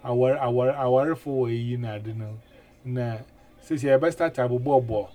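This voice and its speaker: A man hosting a casual radio chat, animated and full of 'eh' fillers and repeated words. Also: medium pitch, moderate pace. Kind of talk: casual chat in mixed languages.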